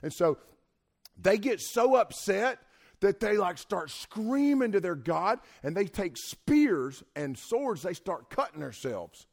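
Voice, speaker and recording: A man preaching a sermon in a lively, colloquial way, retelling a scripture story and asking his listeners questions. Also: sits high, slow, gravelly. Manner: animated, colloquial, speaks to listeners directly.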